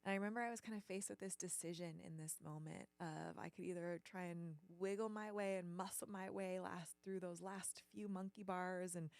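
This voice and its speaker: A woman hosting a business channel, telling a personal story in an earnest, halting way with lots of fillers. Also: on the low side, fairly even intonation, gravelly, no echo.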